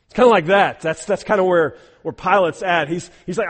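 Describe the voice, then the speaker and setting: A man preaching a sermon, animated, acting out the people he quotes and often repeating words as he goes. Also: sits high, fairly quick, husky. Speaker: pastor. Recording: echoey hall with long reverb.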